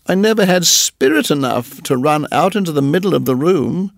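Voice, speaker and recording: A man's voice: high voice, animated, measured pace, husky, dry recording, studio quality, pitched above the performer's own voice, exaggerated voice. A man voicing a timid, broken-hearted male muskrat who whimpers and pleads tearfully.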